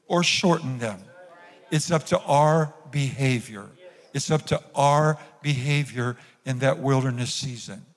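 This man has a fairly high pitch and preaches as pastor in his church sanctuary, the audio carrying a big-room sound. Using call-and-response, he calls on the congregation to repeat lines after him.

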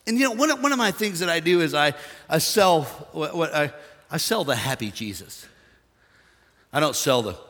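An older man preaching a sermon, folksy and jokey, swinging from hushed asides to shouting. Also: fairly high pitch, animated, normal speed, long reverb tail. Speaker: pastor.

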